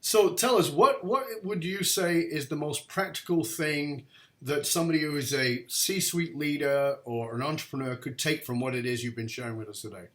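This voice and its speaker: A middle-aged man hosting an interview show, telling a story with lively acted-out dialogue. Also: fairly high pitch, normal speed. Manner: animated storyteller, acts out dialogue loudly. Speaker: podcast host.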